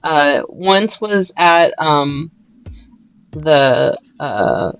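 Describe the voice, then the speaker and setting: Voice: mid-range voice, animated, extremely slow, creaky, fairly bright tone, rough recording. A co-host of a gaming video chatting casually, swearing now and then. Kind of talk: casual chat while playing a game.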